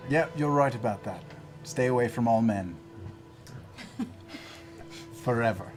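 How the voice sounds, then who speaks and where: A man's voice: medium pitch, a little slow, darkish tone, soft background music, close to an everyday voice. A man playing an anxious middle-aged gnome father in a tabletop role-play, earnest and stammering. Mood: gentle.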